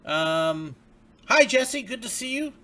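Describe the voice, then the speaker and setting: A man's voice: extremely high pitch, expressive, takes it slowly, sharp tone. A man hosting a casual livestream, chatting and reading viewer mail aloud in a grateful, friendly way. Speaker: livestream host.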